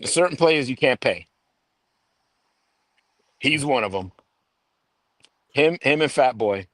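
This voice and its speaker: Brief: New York man, sarcastic podcast co-host, dry close sound, middle pitch. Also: expressive, slow, a bit bright, no echo. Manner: sarcastic, joking, trails off and restarts. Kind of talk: casual sports banter.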